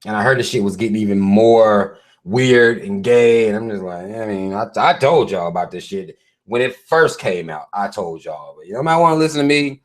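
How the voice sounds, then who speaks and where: A man's voice: on the low side, animated, moderate pace. A man hosting his own live stream, reading out memes and articles and ranting about them bluntly with heavy profanity. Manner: reads memes and articles aloud to viewers.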